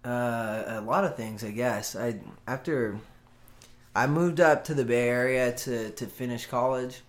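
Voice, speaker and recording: A man's voice: mid-range voice, measured pace, reverberant. Hesitant man in casual chat. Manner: hesitant, frequent restarts, laughs easily. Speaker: guest.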